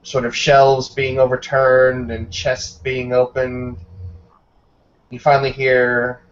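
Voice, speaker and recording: A man's voice: medium pitch, monotone, takes it slowly, dull audio. A man narrating a tabletop game as game master, describing scenes loosely with many hedges.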